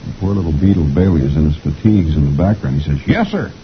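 A man's voice: very deep voice, quick pace, muffled recording, a little hiss or hum. A middle-aged man hosting a chatty reading of the comics, folksy and rambling, chuckling often. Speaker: host reading the comics aloud.

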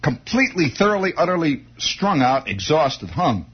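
Excitable, high, husky male storyteller. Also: moderate pace, highs cut off. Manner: excitable, stammering restarts, breathless build-up. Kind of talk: comic first-person anecdote.

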